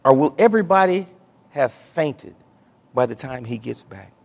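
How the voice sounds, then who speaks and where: A male pastor preaching a sermon, with dramatic swings from hushed, drawn-out lines to loud exclamations. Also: mid-range voice, expressive, vocal fry.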